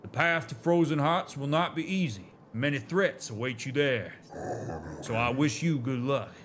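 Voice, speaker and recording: A man's voice: mid-range voice, noisy background, lightly acted. A man doing a drawling creature craftsman. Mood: resolute. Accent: Southern US drawl, put on. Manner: formal, bargaining, measured. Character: shrewd male Grandest craftsman and trader.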